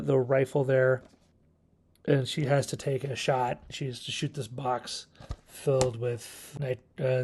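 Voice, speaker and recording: Gravelly-voiced man rambling about old TV. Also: mid-range voice, darkish tone. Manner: rambling, self-correcting, chuckling. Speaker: video host reviewing a classic TV serial. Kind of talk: casual review monologue.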